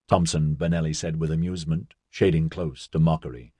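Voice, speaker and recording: A man narrating a novel in a measured, steady storytelling manner. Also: a bass voice, husky, dry recording, studio quality. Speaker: audiobook narrator. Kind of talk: scripted narration.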